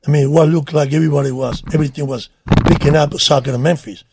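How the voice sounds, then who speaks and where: An older man whose first language is not English, speaking in halting, broken English as he recalls his playing days in a casual chat. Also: fairly high pitch, fairly even intonation, vocal fry, background noise. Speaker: former soccer player guest.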